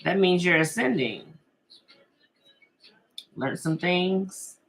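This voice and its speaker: A woman's voice: on the low side, animated, slow, creaky. A middle-aged woman hosting a casual live-stream tarot reading, chatty and reassuring, reading viewer comments aloud and laughing often.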